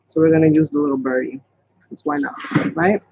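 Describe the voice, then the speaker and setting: High-voiced chatty man, dull dry lo-fi audio. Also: sing-song, brisk, vocal fry, mellow, husky, no room sound. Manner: chatty, rambling, talks to viewers as "you guys". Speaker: craft channel host. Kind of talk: casual live craft tutorial.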